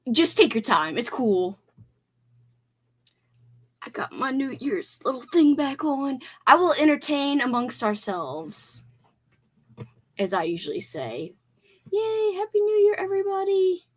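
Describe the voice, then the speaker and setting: Bubbly high-voiced woman hosting a livestream. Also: a little slow, pauses often. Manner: bubbly, effusive, squeals with excitement. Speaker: livestream host. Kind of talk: casual livestream chat.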